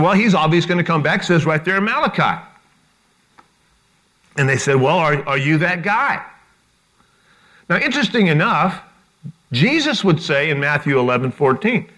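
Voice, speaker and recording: A middle-aged man preaching a sermon, animated and repeating words as he acts out the people he quotes. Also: on the high side. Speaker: pastor.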